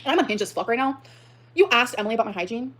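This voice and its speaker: A young woman livestreaming, reacting with fast, heated, profane outbursts that swing up to shouting. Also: a little high, lively intonation. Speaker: livestreamer reading and reacting to a post. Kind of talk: emotional livestream rant.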